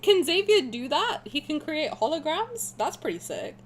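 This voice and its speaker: A woman in her twenties with a posh southern English accent, streaming a game and chatting through it in rambling, animated asides. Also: high-pitched, moderate pace, a little hiss or hum. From south of England. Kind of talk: gaming commentary and reading aloud.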